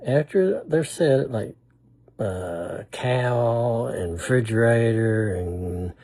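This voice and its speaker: Rambling older man, husky and mellow. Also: medium pitch, expressive, drawn-out words. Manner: rambling, self-deprecating, folksy. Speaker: humor vlogger. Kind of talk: casual storytelling monologue.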